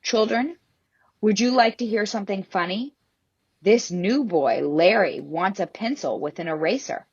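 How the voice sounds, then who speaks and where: A smug, stern schoolteacher mocks her class in a raised, husky voice, as a woman reading a story puts her on. The recording is dry and a little muffled. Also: medium pitch, expressive, unhurried, darkish tone, no echo, pitched above the performer's own voice. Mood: mocking. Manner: mocking. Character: smug strict female schoolteacher.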